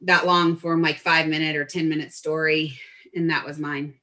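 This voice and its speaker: A woman in her forties from Colorado, a guest telling stories in a lively, chatty way. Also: sits low, moderate pace. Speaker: podcast guest. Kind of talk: casual storytelling chat.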